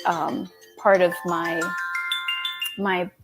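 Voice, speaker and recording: A woman in her thirties telling her own story in an interview, animated, laughing often and acting out quoted dialogue. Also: fairly low pitch, drawn-out words, over music. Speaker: guest, small business owner and designer.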